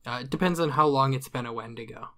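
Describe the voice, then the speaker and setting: A man's voice: medium pitch, fast talker, sharp tone. A man hosting a casual comedic podcast who explains the topic from notes to his cohosts and laughs at his own jokes. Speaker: podcast host presenting the topic. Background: other hosts talking.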